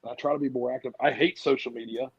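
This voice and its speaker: A man's voice: mid-range voice, steady tone, quick pace, creaky, husky. A man, a podcast guest, telling laid-back stories in casual interview chat. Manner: laid-back storytelling with drawled quotes. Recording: dull lo-fi sound.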